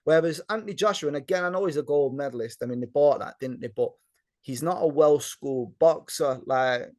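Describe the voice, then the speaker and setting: A man with a Manchester accent, a guest giving blunt opinions in casual chat, animated and talking in quick bursts with lots of fillers. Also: a little high. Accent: Mancunian. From Manchester, England.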